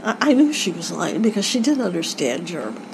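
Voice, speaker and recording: A woman's voice: fairly low pitch, sing-song, brisk, creaky, noisy background. An older woman recalling her family's past in a rambling way, with frequent stops and restarts. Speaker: interviewee. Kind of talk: family oral history recollection.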